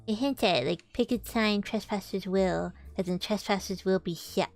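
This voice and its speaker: A woman's voice: mid-range voice, moderate pace, few pauses, soft background music. A woman streamer reading a storybook aloud, with chatty, playful asides.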